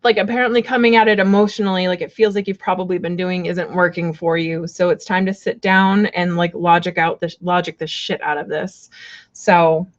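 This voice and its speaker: A woman's voice: fairly low pitch, level tone, fairly quick, lo-fi sound. Giggly rambling woman reading cards. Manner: giggly, apologetic, rambling with many fillers. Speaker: card reader on a live stream. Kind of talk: casual live-stream chat.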